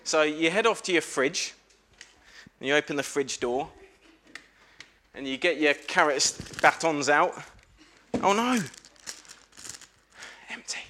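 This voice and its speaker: A man giving a lively family sermon in church, telling a story and asking the congregation questions. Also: a little high, moderate pace, pauses often, a little hiss or hum. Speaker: preacher at a family service. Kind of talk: lively all-age sermon with questions to children.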